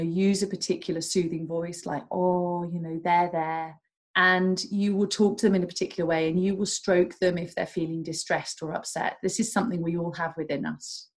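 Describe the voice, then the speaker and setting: Woman on a podcast, lowish voice, calm gentle explainer, easy measured delivery. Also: poor audio. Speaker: guest, doctor and self-compassion coach. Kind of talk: podcast interview.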